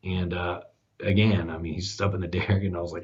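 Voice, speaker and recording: Podcast host, male, low voice, chatty storyteller, plenty of "uh"s and restarts, dull lo-fi sound. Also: fairly even intonation, fairly quick, a little mellow, slight background noise. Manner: rambling, many restarts and fillers, laughs at own stories. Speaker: podcast host, guest this episode. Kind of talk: casual storytelling chat.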